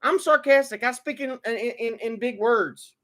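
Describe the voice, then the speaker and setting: A man's voice: very high voice, normal speed, a bit bright. A man giving an opinionated political monologue, repeating words and restarting often, then building to emphatic bursts. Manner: repetitive stammering restarts, rising to emphatic outbursts.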